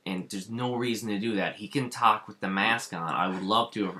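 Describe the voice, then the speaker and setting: A man with a low, deep voice and a bright, forceful edge, chatting casually about films. He rants in an animated way and acts out his own reactions as he goes. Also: a little fast. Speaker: podcast co-host. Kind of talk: casual chat.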